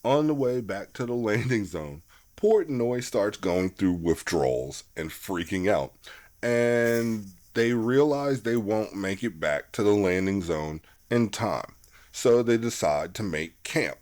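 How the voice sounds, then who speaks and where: A man casually recapping a movie plot as podcast co-host, animated and swearing now and then. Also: lowish voice, slow pace. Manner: animated storytelling, laughs often, swears.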